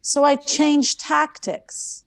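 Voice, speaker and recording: A woman hosting a conference talk, telling stories in an animated way and repeating phrases for emphasis. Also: high-pitched, extremely slow, gravelly. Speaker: conference host.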